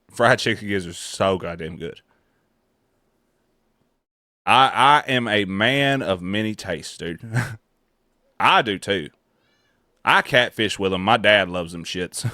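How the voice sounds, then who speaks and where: Southern guy laughing and cussing through a reaction stream, lowish pitch, bright tone. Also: animated, slow pace, long pauses, no room sound, clean studio sound. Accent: Southern American. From American South. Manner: profane, laughing, rambling. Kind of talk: casual reaction commentary.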